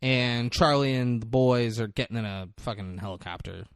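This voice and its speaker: A man's voice: mid-range voice, moderate pace, clear, resonant tone, no room sound, clean studio sound. A man co-hosting a podcast, recapping a film in casual chat and swearing often. He acts out the characters as he tells it. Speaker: podcast co-host.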